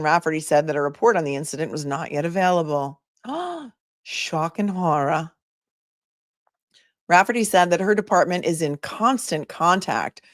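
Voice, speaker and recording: A woman with a slightly low voice hosts a casual livestream, talking loosely and musing aloud as she reads viewer comments. The sound is dry and close, with no room in it. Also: no echo. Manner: chatty, thinking aloud with many asides. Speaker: attorney and commentator.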